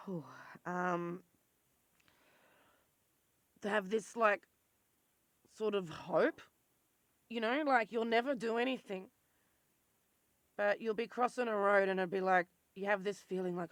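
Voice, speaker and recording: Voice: mid-range voice, measured pace, pauses often, a bit bright, no room sound. Blunt, swearing Australian in their forties. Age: 40s. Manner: blunt, swears freely, intense and rambling. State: voice worn, turns squeaky when worked up. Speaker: vlogger. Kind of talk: candid personal monologue.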